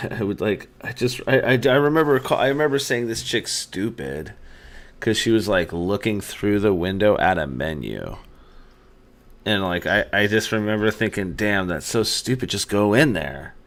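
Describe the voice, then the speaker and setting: A man's voice: lowish voice, expressive, normal speed. A man chatting casually on a live stream just after having his wisdom teeth out, a rambling storyteller who laughs a lot.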